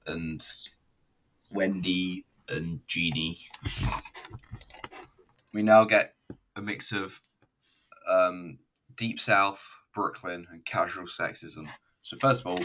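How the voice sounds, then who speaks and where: Low-voiced man rambling through a review. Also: bright, forceful tone, a little hiss or hum. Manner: rambling, profane, self-mocking. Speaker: wrestling reviewer. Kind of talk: casual solo review commentary.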